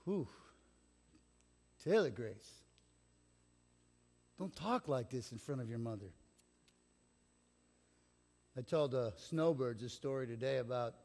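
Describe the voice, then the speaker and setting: A man's voice: mid-range voice, lively intonation, slow pace, long pauses. Middle-aged guy preaching, chatty storyteller, long church echo. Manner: conversational storytelling, acts out quotes. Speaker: pastor. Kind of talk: sermon. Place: church sanctuary.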